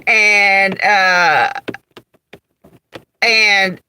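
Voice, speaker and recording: A woman's voice: mid-range voice, extremely slow, bright, forceful tone, a little hiss or hum, low-quality recording. A middle-aged woman hosting a livestream, chatting casually, telling stories about home life and greeting viewers by name between laughs. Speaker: livestream host.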